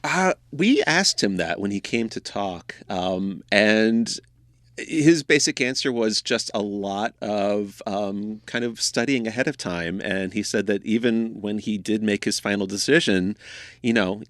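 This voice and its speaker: A man's voice: on the low side, unhurried, fairly bright tone, no room sound. A man on a museum staff, explaining artwork in a radio interview in a studio, often hedging with "kind of".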